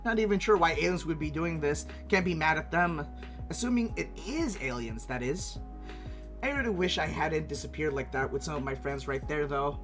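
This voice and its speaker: A woman's voice: low voice, a bit bright. A woman reading fan fiction aloud in a casual way, breaking off now and then to laugh and comment on her script. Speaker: reader.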